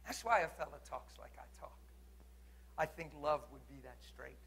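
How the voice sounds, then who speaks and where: Male preacher, straight-talking and challenging, with a mid-range voice that pushes hard and then drops low. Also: animated, moderate pace, vocal fry, slight background noise. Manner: blunt, earnest and challenging, swinging between loud urging and quiet intensity. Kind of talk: sermon.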